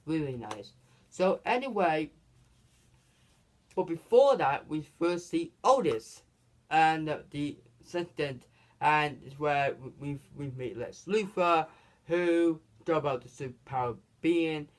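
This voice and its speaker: Male reviewer, casual and rambling, talks in fits and starts, voice a touch high. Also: expressive, slow pace. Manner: rambling, lots of restarts and "basically". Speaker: movie reviewer. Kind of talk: casual movie recap.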